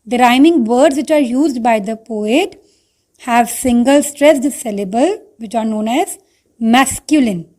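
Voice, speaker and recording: A woman teacher with an Indian English accent walks her students through a poem slide by slide. Her voice sits high, and she takes her time, going back over each point and calling her class "children.". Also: a little mellow. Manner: explains step by step, repeating points. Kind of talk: online slide lesson.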